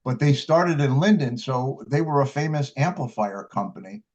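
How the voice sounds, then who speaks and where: A man's voice: medium pitch, expressive, normal speed, darkish tone. An older man who plays blues harmonica, recalling his early years in a casual interview, rambling through stories with frequent restarts and fillers. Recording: dull lo-fi recording.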